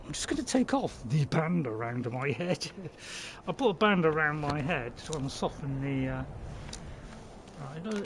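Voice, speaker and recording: Gravelly, lively man chatting over gameplay. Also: fairly high pitch, a little hiss or hum. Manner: chatty and playful, rambling with fillers and self-mocking laughs. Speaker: game streamer. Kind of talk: casual gameplay commentary.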